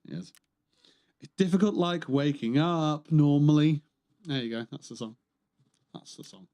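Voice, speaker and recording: A man's voice: on the high side, a little slow, dark tone. A man on a gaming livestream, chatting casually, rambling and joking, swearing freely. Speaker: streamer.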